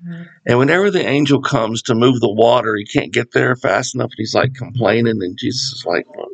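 A man teaching from the Bible in a loose, conversational way, wandering into asides before reading passages aloud. His voice sits in an ordinary middle pitch with a gravelly, fry-laden edge. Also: brisk, rough recording. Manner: conversational, digressive, reads scripture aloud. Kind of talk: casual Bible study teaching.

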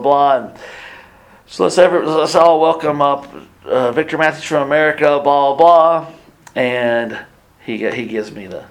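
A male pastor telling a story in a sermon, acting out the people he quotes. His mid-range voice swings between loud bursts and hushed, almost whispered asides. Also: mid-range voice. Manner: animated, acts out quoted voices, drops to near whispers.

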